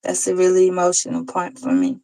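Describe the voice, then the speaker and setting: A woman tarot reader telling an emotional personal story in a heartfelt, conversational way, pausing and restarting as she goes. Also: lowish voice, monotone, warm tone, poor audio.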